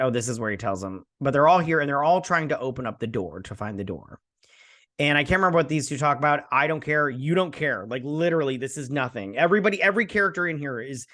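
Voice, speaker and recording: A man's voice: mid-range voice, fairly bright tone, no echo, studio quality. A man hosting a TV review channel, recapping an episode in a rambling, sarcastic, casual way full of fillers.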